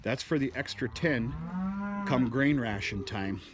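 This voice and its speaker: A man's voice: mid-range voice, measured pace. A man running a cattle farm, talking through his chores in a casual, rambling, folksy way with the odd curse. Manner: folksy, rambling, with frequent restarts and mild cursing. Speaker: cattle farmer. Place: outdoors in a farm feedlot. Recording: noisy outdoor recording.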